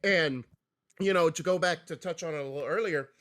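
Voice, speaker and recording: Man, podcast co-host, somewhat high voice, winding analytical gaming chat. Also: fairly quick, a bit bright. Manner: analytical, talks in long winding sentences.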